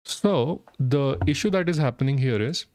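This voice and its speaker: A hoarse, sick man, ranting in frustration during a live stream, swearing heavily and slipping into Hindi. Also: medium pitch, lively intonation, normal speed, darkish tone, dry recording, clean studio sound.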